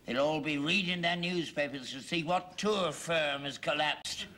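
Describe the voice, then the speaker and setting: A man's voice: a little high, a little slow, bright, forceful tone. An actor playing a grumpy, stubborn old father, grumbling and indignant in a sitcom. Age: older. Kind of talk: sitcom acting.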